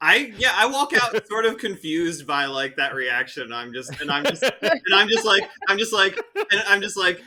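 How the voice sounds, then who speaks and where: A man's voice: high-pitched, very animated, normal speed, pushed and bright. A young man playing in a tabletop game, talking with many fillers and restarts. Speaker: player. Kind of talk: tabletop role-play chat.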